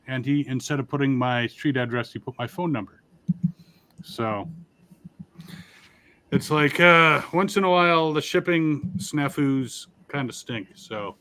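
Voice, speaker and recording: A man from Connecticut co-hosts a loose, joking toy chat over a video call. His voice sits a touch high, and he rambles in a neutral, broadcaster-style delivery. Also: fairly bright tone. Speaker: toy reviewer, co-host. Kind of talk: casual livestream chat.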